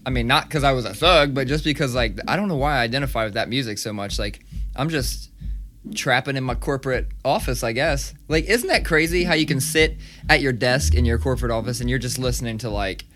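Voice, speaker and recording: A man in his thirties co-hosting a podcast in casual chat, loose and swearing, with quick asides. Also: mid-range voice, expressive, fairly bright tone, slight background noise. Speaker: podcast co-host. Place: small studio. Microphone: studio microphone.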